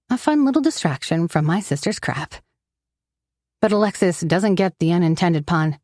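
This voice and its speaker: A woman narrating a romance audiobook in the first person, with steady, wry storytelling on a close mic. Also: on the low side, moderate pace, no echo.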